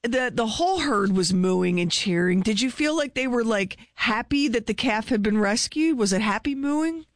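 A woman's voice: a little high, animated, normal speed, hardly any pauses, no room sound, clean studio sound. Conversational woman radio host. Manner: conversational, prompting questions. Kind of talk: morning radio banter.

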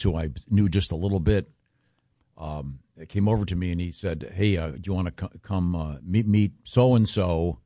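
Deep, mellow-voiced male radio host. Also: dry recording, studio quality. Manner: rambling, halting storyteller. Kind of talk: casual on-air banter.

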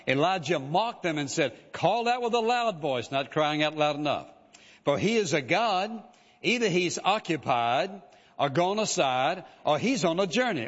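A man with a slightly high voice preaches a sermon, talking straight to his congregation and pausing on fillers. His voice carries a long reverb tail, and the recording sounds a little dull and lo-fi. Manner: preaching with frequent fillers and direct address to listeners. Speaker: pastor.

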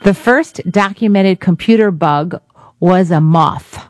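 A woman's voice: on the low side, takes it slowly, darkish tone, slight background noise. A woman co-hosting a radio show, reading trivia facts in a playful, chatty way. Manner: playful, laughs easily. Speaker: co-host presenting trivia. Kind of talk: casual radio chat.

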